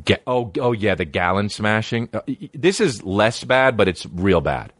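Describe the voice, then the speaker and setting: A man's voice: lowish voice, animated, normal speed, fairly bright tone, no room sound. A young man reacting to videos in rambling, profane casual commentary, full of stammered restarts.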